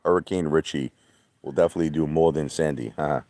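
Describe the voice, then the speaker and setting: A man chatting casually on a livestream, rambling and boastful, sometimes laughing and putting on a mock falsetto. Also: quick pace, darkish tone, no echo. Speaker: livestream host. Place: outdoor hot tub at night.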